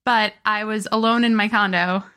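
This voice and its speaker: A woman's voice: mid-range voice, fairly even intonation, moderate pace, sharp tone. A woman co-hosting a podcast, chatting casually and speaking to her friend in an encouraging, supportive way. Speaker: podcast co-host. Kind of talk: casual chat.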